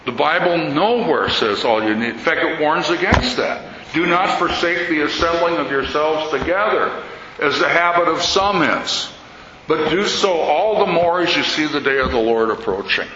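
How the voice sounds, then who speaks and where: An older man, an Orthodox priest, giving a talk in sermon style and telling stories with lively quoted voices. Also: on the high side, normal speed. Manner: storytelling, animated quoting of others. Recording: echoey hall, slightly dull sound, faint noise.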